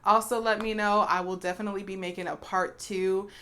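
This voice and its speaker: A young woman's mid-range voice comes across steady, fairly quick, smooth, pushed, and bright as she vlogs to the camera. She's blunt and candid with her opinions, refers to her viewers as "y'all," and coughs once in a while.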